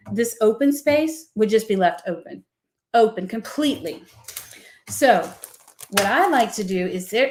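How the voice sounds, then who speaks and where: A woman's voice: medium pitch, darkish tone, a little hiss or hum. A woman who owns a craft company, chatting casually and candidly through a product demo with lots of asides and check-ins. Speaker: craft company owner presenting new products.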